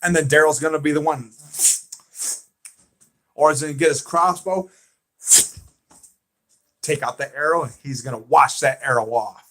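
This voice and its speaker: Excitable Southern man with a bright voice. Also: fairly high pitch, normal speed, long pauses. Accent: American Southern. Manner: excitable and emphatic, repeats himself, talks back to chat. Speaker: livestream host. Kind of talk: casual fan chat on a livestream.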